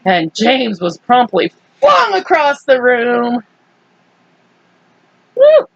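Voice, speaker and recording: A woman reading a children's storybook aloud, playful and animated, acting out the characters' shouts and breaking off to laugh. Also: a little high, slow pace, gravelly, dry recording, lo-fi sound. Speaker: storybook reader.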